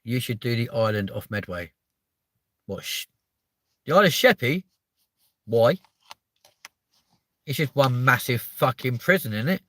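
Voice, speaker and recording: A man's voice: mid-range voice, sing-song, measured pace, long pauses, pushed and bright, dry recording. A young man, chatting casually to viewers on a live stream, rambling and swearing his way through stories.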